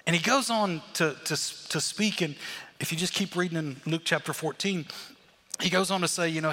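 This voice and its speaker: A man preaching a sermon as pastor, animated, acting out the crowd's voices. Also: on the high side, normal speed, long reverb tail.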